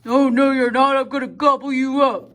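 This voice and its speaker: Woman doing a mean, loud, ugly troll for a kids' storybook, gruff and bullying. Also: high voice, little pitch movement, normal speed, pitched above the performer's own voice. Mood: menacing. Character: mean big ugly male troll under a bridge. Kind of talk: storybook read-aloud for children.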